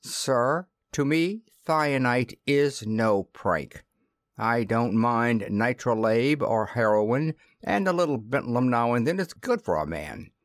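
A man voicing a big, blunt male ex-miner in an audiobook, speaking curtly and forcefully. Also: mid-range voice, expressive, slow, dry recording, clean studio sound. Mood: indignant. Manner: forceful, curt.

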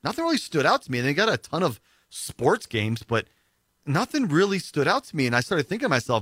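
A man chatting casually on a podcast, telling stories with lively acted-out quotes. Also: a little high, fairly quick, breathy edge, no room sound, clean studio sound. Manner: animated storyteller, acts out quoted voices. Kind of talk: casual chat.

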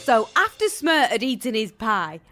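A woman voicing a cheerful ordinary young girl who narrates a children's radio drama in a bright, chirpy way. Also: on the high side, big pitch swings, moderate pace, over music.

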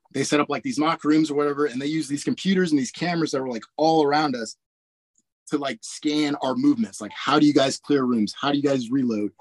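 A man's voice: medium pitch, no room sound. Laid-back storytelling man, dry sound. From Indiana, USA. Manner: relaxed, filler-heavy, laughs often. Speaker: guest, army warrant officer pilot. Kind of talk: casual storytelling interview.

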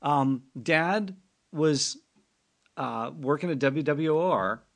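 A man with a fairly high voice hosts a casual interview. He jumps in eagerly and steers the talk with quick questions and asides. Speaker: podcast host.

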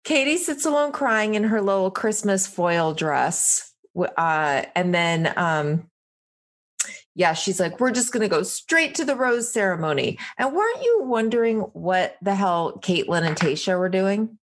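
A woman's voice: mid-range voice, measured pace. A woman co-hosting a podcast, leading the episode recap in casual chat and acting out what the cast said. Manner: animated storyteller, narrates the episode and acts out quotes. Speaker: podcast co-host.

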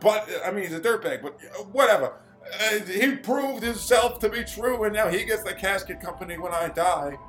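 Comedy audio drama: man playing a foul-mouthed dying old tycoon, high-pitched, ranting, over music. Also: lively intonation, normal speed, fairly bright tone, poor audio. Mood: gloating. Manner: vulgar, ranting, gleefully villainous. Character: crude scheming dying old rich father. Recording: music behind.

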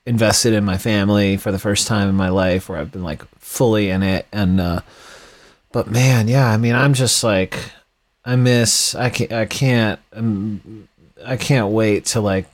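A man rambling in casual podcast chat as a guest, full of fillers and restarts. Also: lowish voice. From Milwaukee. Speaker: podcast guest, band musician.

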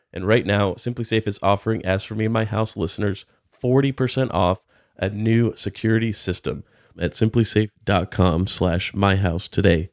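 A man with a low, nasal voice co-hosts a relaxed podcast in an even, monotone manner. The sound is close and dry, with no room around it. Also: creaky, no echo. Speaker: podcast co-host. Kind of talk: casual faith podcast chat.

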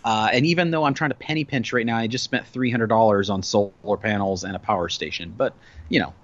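A man's voice: on the low side, a little fast, fairly bright tone. A man in his thirties co-hosting a podcast in casual chat, rambling and joking with lots of fillers. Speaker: podcast co-host. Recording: dry, slightly dull lo-fi sound.

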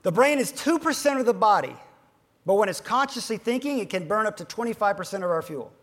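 A man with a notably high voice delivers a motivational keynote to a room of advisors. He swings between loud, punchy emphasis and hushed lines close to a whisper. He slows right down to hammer home his key phrases. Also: expressive. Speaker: keynote speaker to financial advisors.

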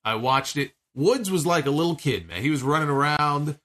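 A man's voice: a little high, expressive, moderate pace, bright, forceful tone. A man giving a chatty, digressive recap of a wrestling show, speaking casually and acting out the lines he quotes.

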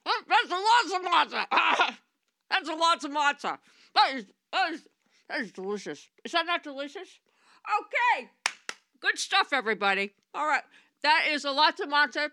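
A woman's voice: high voice, sing-song, moderate pace, pushed and bright, no room sound, full character voice. A woman voicing a brash, over-the-top female talk show host in raw comedic voiceover takes, full of playful ad-libs. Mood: showy. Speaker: voice actor.

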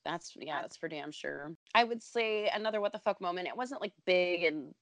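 Woman, podcast co-host, casual chat, profane, animated, dry close sound. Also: on the low side, normal speed, no echo.

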